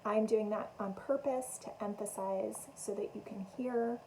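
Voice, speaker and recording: Calm woman guiding a breathing meditation. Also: medium pitch, a little hiss or hum, poor audio. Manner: calm, gentle, unhurried instruction. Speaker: meditation teacher.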